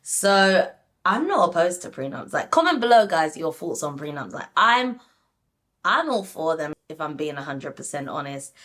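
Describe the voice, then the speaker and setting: Woman, young adult, casual recap, lower pitch, animated. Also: moderate pace. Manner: animated, frequent "like", addresses viewers. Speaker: reality TV recap YouTuber. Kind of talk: casual chatty review.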